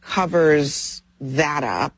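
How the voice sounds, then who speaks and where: A woman commentator on a panel, speaking in a measured, deliberate way. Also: low-pitched, lively intonation, breathy edge, no room sound.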